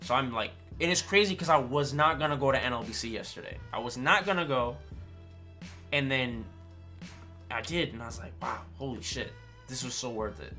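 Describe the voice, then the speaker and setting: A man chatting casually on a stream, telling a story in an animated way with slang and swearing and often checking in with his listeners. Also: mid-range voice. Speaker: streamer and fighting game player. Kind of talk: casual chat.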